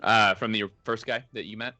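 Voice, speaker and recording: A man's voice: fairly low pitch, fairly even intonation, brisk, pushed and bright, no echo. A man running a tabletop game as game master, narrating loosely with lots of fillers. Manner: rambling, lots of fillers, laughs easily.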